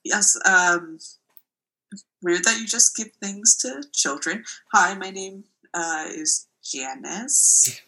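A woman's voice: medium pitch, slow, bright, forceful tone, poor audio. A woman playing a dry, weary mom. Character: weary mother on a road trip. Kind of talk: comedy improv sketch.

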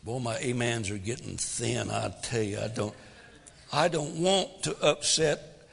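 A man preaching a sermon, swinging between loud emphasis and hushed asides. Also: medium pitch, a little slow, gravelly, long reverb tail, a little hiss or hum. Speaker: pastor.

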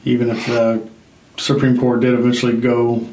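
A man with an average-pitched voice co-hosts a casual political talk show. He talks conversationally and pauses to search for words. His voice carries a noticeable room echo. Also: completely flat delivery, darkish tone, slight background noise. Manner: conversational, with hesitations. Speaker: podcast co-host.

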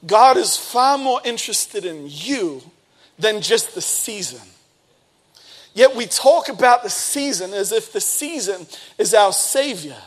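A man in his thirties, a pastor preaching a sermon and telling a personal story with lively bursts of speed and emphasis. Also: sits high, a little slow.

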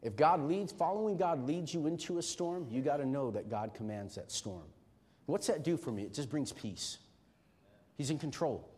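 A middle-aged man preaching a sermon as pastor, emphatic and swinging from shouting to hushed tones. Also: on the high side, lively intonation, normal speed, husky.

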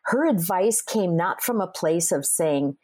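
A woman's voice: lowish voice, lively intonation, a little slow, darkish tone. A woman guest, an author and literary agent, who explains her views thoughtfully in an interview. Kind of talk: conversational interview.

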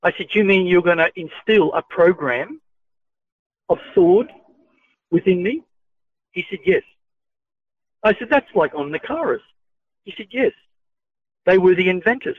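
A man recounting his own experiences as a story, retelling each line of dialogue in a measured way. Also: high voice, lively intonation, husky, dry recording. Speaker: channeled speaker recounting adventures. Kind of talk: first-person storytelling. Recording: tinny phone-like, dry.

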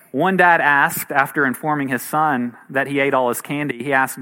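A man's voice: on the high side, fairly even intonation, moderate pace, hardly any pauses, sharp tone. A man in his thirties, a pastor giving a sermon in a conversational, earnest way. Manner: conversational and earnest, with light laughs.

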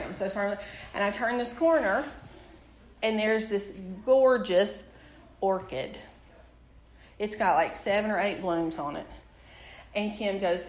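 A woman in her forties preaches and weaves in a personal story, speaking directly to her listeners. Her delivery is animated, and her voice sits at a middle pitch. The sound is roomy and echoey, with a faint hiss of background noise. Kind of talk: sermon with personal testimony.

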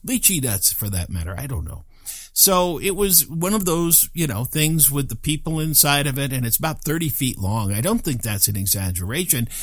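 An older man telling a personal story in an animated, self-deprecating way, with chuckling asides. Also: mid-range voice, dry recording, studio quality.

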